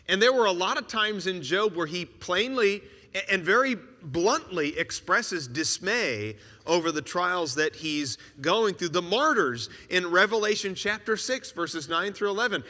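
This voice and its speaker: Lively, bright-voiced preacher man. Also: high voice, long reverb tail. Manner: animated, rhetorical questions, joking asides. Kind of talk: sermon.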